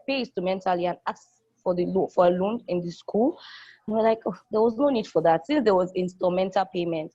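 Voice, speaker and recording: A young woman talks eagerly about her student life, circling back to repeat her points. Her voice sits mid-pitch for a woman. The recording is dull and lo-fi, with a dry, close sound. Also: a little mellow, no room sound. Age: young adult. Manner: enthusiastic, repeats phrases, acts out quoted people. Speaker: college student. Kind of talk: casual spoken testimonial.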